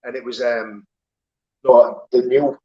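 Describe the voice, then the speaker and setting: A former prisoner turned pro fighter tells his life story candidly as an interview guest, swearing and rambling with lots of fillers. His medium-pitched voice is level and measured, and the audio sounds dull.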